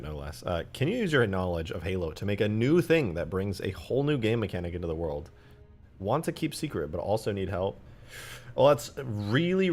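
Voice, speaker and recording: This stream is casual chat during game modding, with the host cursing freely as he replies to viewer questions. He has a lowish voice, and there's slight background noise.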